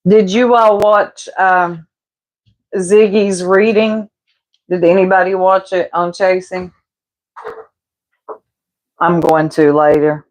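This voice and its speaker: A woman's voice: lowish voice, steady tone, slow pace, pauses often. A woman, casually gossiping and laughing with her livestream chat while she cooks. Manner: gossipy, laughing, teasing, addresses chat as y'all. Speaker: livestreamer chatting with viewers.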